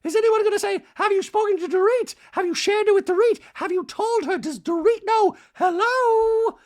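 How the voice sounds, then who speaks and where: A man's voice: normal speed, darkish tone. A man doing a shrieking, indignant reality-show woman. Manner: squealing, exasperated, very high falsetto. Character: shrill, indignant adult woman reality star.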